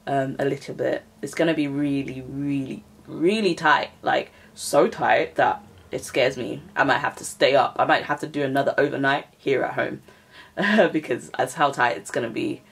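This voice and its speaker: A woman's voice: very deep voice, normal speed, gravelly, breathy edge. A young woman chatting to camera at home, rambling and self-deprecating with frequent laughs. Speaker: writing vlogger. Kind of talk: casual chat to camera. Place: at home, indoors.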